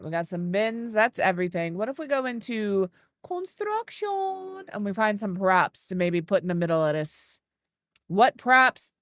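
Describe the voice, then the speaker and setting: A woman's voice: on the low side, dry recording, clean studio sound. A woman giving casual gameplay commentary, thinking aloud as she builds and cooing baby talk at an animal. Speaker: gaming video creator.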